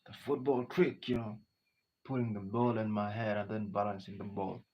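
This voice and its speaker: A man's voice: lowish voice, little pitch movement, normal speed, noisy background. A man hosting a casual livestream, reading out viewer comments and greeting them by name, dropping "you know" often. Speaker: livestream host. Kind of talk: casual live-stream chat with viewers. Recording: dull lo-fi stream audio.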